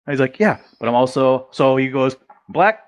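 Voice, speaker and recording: Male podcast guest, American, mid-pitched voice, loose, profane storyteller acting out what friends said. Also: little pitch movement, brisk. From United States. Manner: rambling, profane, retells dialogue with quoted voices. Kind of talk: casual storytelling.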